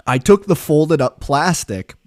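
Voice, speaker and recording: A man with a fairly high voice swings lively up and down as he tells a story in casual chat, laughing often and swearing freely. The sound is close and dry with no room around it. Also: no room sound. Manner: animated, laughing, profane. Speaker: podcast host.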